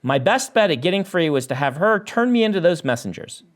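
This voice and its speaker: Animated man reading his own novel. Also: high-pitched, brisk. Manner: animated reading that lifts the voice for dialogue. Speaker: author.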